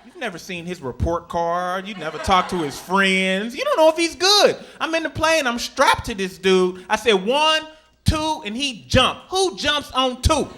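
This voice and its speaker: A man performing a stand-up comedy set on a club stage, telling animated stories and jumping into shrieking high voices for his characters. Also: a little slow. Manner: animated storytelling, sudden high-pitched shrieks in acted quotes. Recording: live club recording with crowd laughter.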